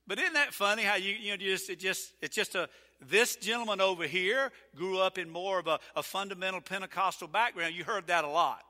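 Male pastor, folksy and emphatic, high bright voice, echoing sanctuary. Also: brisk. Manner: folksy, emphatic preaching with sudden loud peaks. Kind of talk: sermon. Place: church sanctuary. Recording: reverberant church sanctuary.

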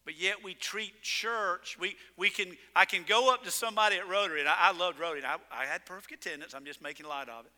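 A male pastor preaches in an animated, storytelling style inside a church sanctuary, hitting words with sudden loud emphasis. His high voice is very bright and forceful, moving quickly with hardly any pauses, and long reverb trails after each phrase.

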